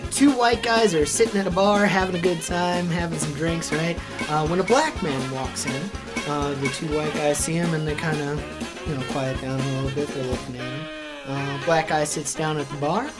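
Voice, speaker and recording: A man's voice: a little high, normal speed, loud music behind the voice. A man comedian delivering a scripted comedy monologue with a conversational setup and punchy one-liners.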